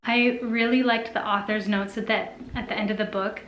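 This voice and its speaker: A woman's voice: mid-range voice, steady tone, moderate pace, few pauses, a bit bright, a little hiss or hum. A young woman talking casually about books, chatty, often trailing off and restarting her sentences. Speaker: book vlogger. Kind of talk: casual chat. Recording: echoey room with faint ambience.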